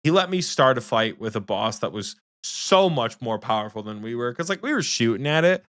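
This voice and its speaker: A young man co-hosting a gaming podcast, his pitch leaping up and down as he tells stories. He swears freely and bursts into quick impressions of his friend. The studio sound is dry and close. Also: no room sound. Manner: animated storytelling, swearing, mimics friends in quotes. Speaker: podcast co-host. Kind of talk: casual gaming chat.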